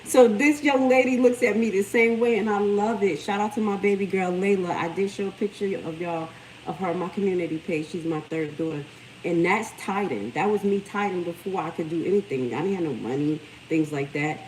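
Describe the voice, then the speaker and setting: A woman's voice: fairly low pitch, brisk, slight background noise, rough recording. A middle-aged woman hosting a livestream, talking casually and animatedly. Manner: animated storytelling, lively quoted voices. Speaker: livestream host.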